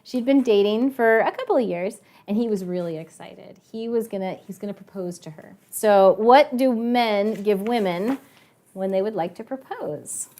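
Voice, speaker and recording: A woman teacher telling a lively story to her online class, chatty and animated, with frequent laughing asides, over a video call. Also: medium pitch, normal speed. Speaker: math and science teacher.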